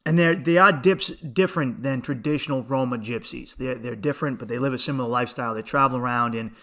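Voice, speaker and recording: A man's voice: mid-range voice, fast talker, sharp tone. A young man hosting a podcast, telling rambling stories in a casual, profane comedic monologue and laughing often. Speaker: podcast host.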